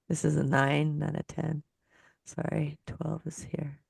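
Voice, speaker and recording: A woman's voice: deep voice, creaky, darkish tone, husky, no echo, studio quality. A woman who teaches musicology, giving a lecture over a video call. She explains patiently, counts beats aloud and laughs at her own slips. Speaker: musicology professor presenting.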